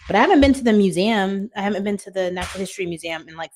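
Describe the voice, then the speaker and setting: A woman's voice: mid-range voice, lively intonation, rapid-fire, a little mellow, a little hiss or hum. Chatty woman streaming live from home. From Washington State, USA. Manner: chatty, reads out viewer comments, laughs often. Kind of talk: casual live-stream chat. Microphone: phone.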